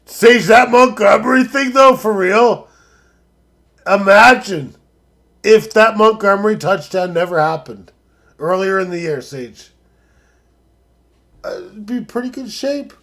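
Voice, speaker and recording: A man hosting a live stream, talking casually and profanely, dropping to mutters and then rising to excited shouts. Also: high-pitched, measured pace, long pauses.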